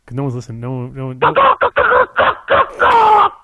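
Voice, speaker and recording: A man's voice: medium pitch, rapid-fire, a crowd in the background. A man co-hosting a casual radio show, teasing the callers. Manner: teasing, animated.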